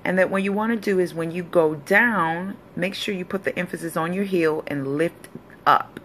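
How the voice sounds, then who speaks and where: A personal trainer with a low, deep-set yet fairly bright voice talks viewers through leg exercises in a casual fitness vlog. Upbeat and encouraging, she chats at a moderate pace while faint background noise lingers underneath.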